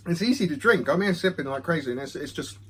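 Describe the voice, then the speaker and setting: A man's voice: a little high, lively intonation, fast talker, husky. Rambling, chatty man reviewing whisky. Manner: chatty, self-deprecating, full of ums. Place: home room. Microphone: phone camera.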